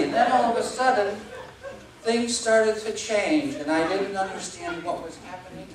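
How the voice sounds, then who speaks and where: A man giving a humorous contest speech in an animated, self-mocking storytelling manner, in a large hall with a live audience. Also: high-pitched, a little hiss or hum. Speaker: contest speaker. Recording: echoey hall, distant mic, audience laughter.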